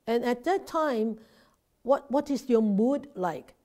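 A woman's voice: on the high side, animated, slow, mellow. A Buddhist nun teaching an informal Dharma class over a video call, talking conversationally, often restarting and repeating words and checking in with her listeners.

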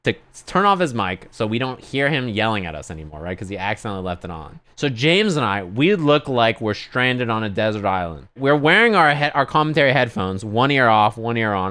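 A man telling a lively anecdote on his stream in casual chat, sometimes acting out other people yelling. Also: a little fast, few pauses, clear, resonant tone, dry recording. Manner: animated anecdote, acts out others yelling in high pitch.

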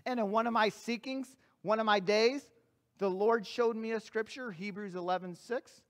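High-voiced earnest man preaching. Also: moderate pace, fairly bright tone. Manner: earnest, emphatic, repeats phrases for effect; self-deprecating humor. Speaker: guest pastor and evangelist. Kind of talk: sermon with personal stories.

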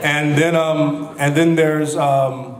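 A man's voice: a little high, steady tone, slow. A man chatting as a guest on a convention panel, telling stories with a joking, laughing manner. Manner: jokey, laughing, storytelling. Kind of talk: casual convention panel chat. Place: large convention hall. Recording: echoey hall with crowd noise.

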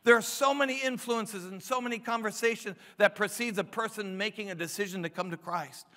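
High bright-voiced preaching man in a hall. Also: a little fast. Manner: emphatic preaching with frequent restarts and rising questions. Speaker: pastor. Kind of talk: sermon. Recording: long hall reverb.

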